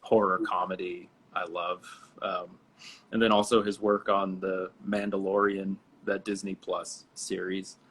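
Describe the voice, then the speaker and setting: A man in a relaxed, chatty conversation on a live video stream, laughing often. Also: sits low, measured pace, a little hiss or hum. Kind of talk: casual chat.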